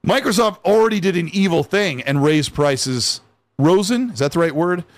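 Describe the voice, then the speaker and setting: A man's voice: high-pitched, animated, normal speed, no echo. A man co-hosting a casual gaming news podcast, joking around and reading out viewer donations. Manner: jokey, reads chat donations aloud. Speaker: podcast co-host.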